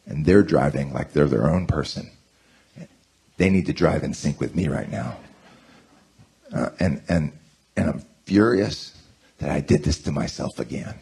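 A man in his forties preaching a conversational sermon, telling self-mocking stories in an animated way. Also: a bass voice, unhurried, creaky, pauses often, breathy edge. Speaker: pastor.

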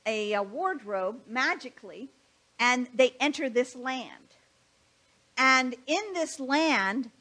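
A woman's voice: a little high, bright, forceful tone. A woman preaching a conversational sermon, asking her listeners rhetorical questions.

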